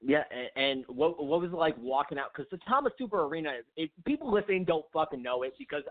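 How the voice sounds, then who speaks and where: Excitable high-voiced man host, tinny. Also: fast. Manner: profane, excitable questioner. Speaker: podcast host. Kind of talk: casual interview chat. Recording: tinny phone-like line.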